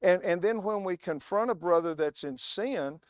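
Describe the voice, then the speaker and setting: A man delivers a sermon as a guest preacher, pressing his points with emphatic stress and spinning anecdotes in a storytelling manner. His voice sits a little high for a man. The sound is close and dry, with little room echo. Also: moderate pace. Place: church.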